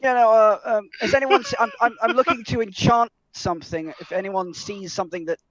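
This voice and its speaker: A man with a noticeably high voice joins an online tabletop game over a video call. He jokes along with the group and often hesitates and restarts what he is saying. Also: fairly even intonation, brisk, fairly bright tone, lo-fi sound. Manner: jokey, hesitant. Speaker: player. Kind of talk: casual game chat. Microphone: home mic on a video call.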